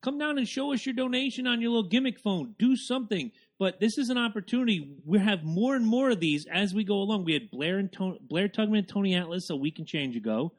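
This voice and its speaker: Loud dude cohosting a podcast, kinda high voice, cusses a lot. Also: male voice, quick pace, few pauses. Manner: loud, excitable, swears freely. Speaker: podcast co-host. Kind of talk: casual chat.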